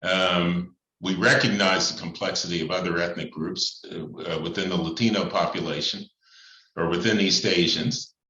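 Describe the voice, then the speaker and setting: A priest speaking in a thoughtful, measured way, pausing often with fillers as he lays out his points. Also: sits low, steady tone, pushed and bright. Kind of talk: reflective talk on church and society. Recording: echoey room, slightly dull sound.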